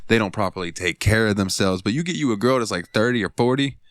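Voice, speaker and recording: A man's voice: on the low side, quick pace, a bit bright, no echo, studio quality. A man in his thirties co-hosting a podcast, talking crude, profane, jokey banter full of slang. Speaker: podcast co-host.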